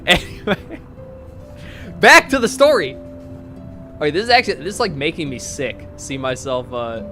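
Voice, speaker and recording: A man's voice: fairly high pitch, lively intonation, a little slow, pauses often, over music. A man live-streaming, casually reading online posts aloud to his chat and breaking off with sarcastic asides.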